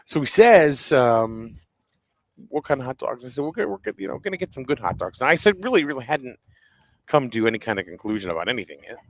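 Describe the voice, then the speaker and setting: A man calls a baseball game outdoors on a cold, windy day, drifting into relaxed stories and easy jokes. His voice is gravelly and his pitch swings widely as he talks. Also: fast, dry recording. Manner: chatty storyteller, easy joking. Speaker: baseball play-by-play commentator. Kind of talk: casual sports commentary.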